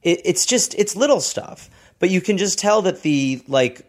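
A man's voice: sits high, expressive, moderate pace. A man co-hosting a comedy podcast in casual chat, rambling with many restarts and free swearing, on a close mic.

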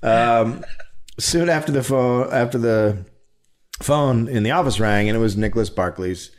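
A man hosting a comedy podcast, telling a true story with a deadpan, sarcastic delivery. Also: medium pitch, moderate pace. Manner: deadpan storyteller who mock-defends the lie with sarcasm.

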